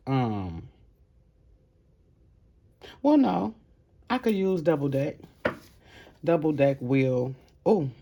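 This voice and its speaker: A woman's voice: rumbling low, warm tone. A woman giving a casual, spiritual tarot reading to camera, heartfelt and encouraging, rambling with fillers as she speaks straight to her viewers. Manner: encouraging, addresses viewers directly. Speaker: tarot reader.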